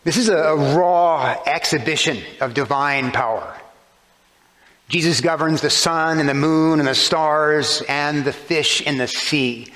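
A man's voice: a little high, fairly bright tone. A man preaching a sermon, explaining scripture with rhetorical questions and shifting emphasis. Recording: long hall reverb.

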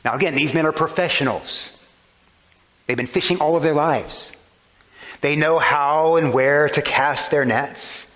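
A man's voice: a little high, measured pace, a bit bright. A man preaching a sermon, explaining scripture with rhetorical questions and shifting emphasis. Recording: long hall reverb.

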